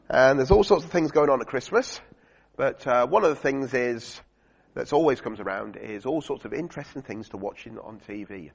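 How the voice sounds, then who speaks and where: In a reverberant church hall, a man with a gravelly, breathy mid-range voice preaches to his congregation in a chatty way, using fillers and putting questions to the listeners. The recording sounds dull and lo-fi.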